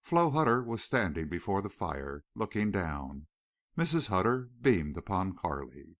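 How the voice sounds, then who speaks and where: Expressive male audiobook narrator. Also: low voice, measured pace, no echo, clean studio sound. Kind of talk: scripted narration.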